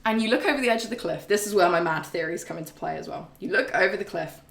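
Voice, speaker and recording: A woman's voice: lowish voice, fast talker, creaky, a bit bright. Woman streamer rambling in a roomy space. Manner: swears freely, lots of ums and laughs. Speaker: live streamer recapping a game. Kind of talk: casual rambling recap to chat. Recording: roomy echo.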